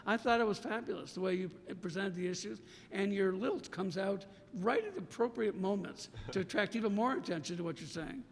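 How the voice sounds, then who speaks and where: High-voiced American man, effusive and halting. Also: gravelly. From United States. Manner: effusive, halting, restarts often. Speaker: podcast host. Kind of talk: conversational podcast interview. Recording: reverberant room with faint rumble.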